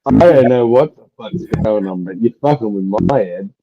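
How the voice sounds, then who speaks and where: A man's voice: on the low side, expressive, moderate pace. A man co-hosting a livestream in casual chat, blunt and swearing a lot. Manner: blunt, profane. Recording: dull lo-fi mic, faint noise.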